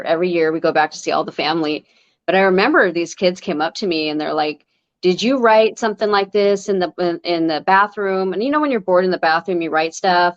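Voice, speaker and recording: A woman's voice: on the low side, lo-fi sound. A woman with a Philadelphia accent hosting a casual interview, chatty and laughing often as she tells stories. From Philadelphia area, USA. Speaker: host.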